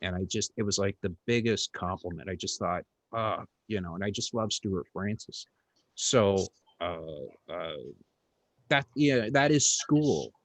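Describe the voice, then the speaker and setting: A man's voice: fairly low pitch, measured pace, dry recording. A middle-aged man, a comedian hosting an interview, telling a story in a casual, rambling way with lots of fillers, restarts and blunt, crude words.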